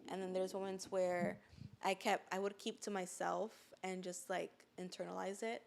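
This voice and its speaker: A woman's voice: fairly low pitch, flat delivery, normal speed, creaky, slight background noise. A woman speaking casually and earnestly about her own experience on a podcast, often saying "like" and at times holding back tears. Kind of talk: casual personal testimony.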